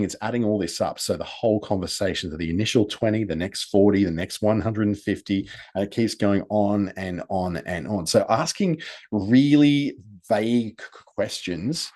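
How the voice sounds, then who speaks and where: A man's voice: on the low side, a little mellow. A man casually talking through a screen-share tutorial, explaining step by step and counting items aloud. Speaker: presenter.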